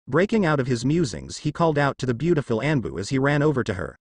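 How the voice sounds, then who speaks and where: A man reads a fanfiction story aloud as an audiobook narrator. His pitch is animated and expressive, and his voice sits in the middle range. The sound is dry and close, with no room echo. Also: quick pace.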